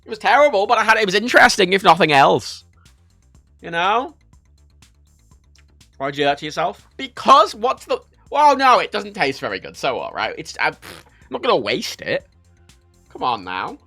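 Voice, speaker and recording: Lively sweary man on a stream. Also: high-pitched, moderate pace, creaky, long pauses, no room sound, faint music behind. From Ireland. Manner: animated, sweary storytelling, reads chat aloud. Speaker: livestream host. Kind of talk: casual livestream chat.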